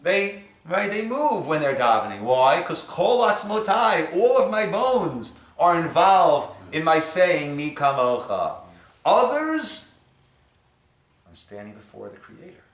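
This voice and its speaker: A rabbi leading a Torah class, telling stories and swinging between soft, hushed lines and emphatic ones. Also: male voice, on the high side, very animated, slow, roomy sound. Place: synagogue room.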